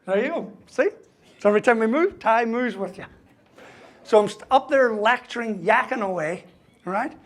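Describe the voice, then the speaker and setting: A man's voice: extremely high pitch, animated, normal speed. Man, fifties, comic motivational speaker, anecdotes with a "right?" after every beat. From Ireland. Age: 50s. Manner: storytelling, punchy jokes, keeps tagging "right?". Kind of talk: humorous keynote speech.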